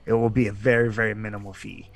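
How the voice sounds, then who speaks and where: A man playing a crude scheming kobold, swearing, boastful, lowered voice. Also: flat delivery, quick pace, vocal fry.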